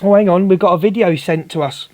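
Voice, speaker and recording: A man's voice: sits high, fast talker, darkish tone. A man hosting a livestream, ranting confrontationally at a viewer and repeatedly calling her darling. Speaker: livestream host. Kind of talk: heated livestream rant.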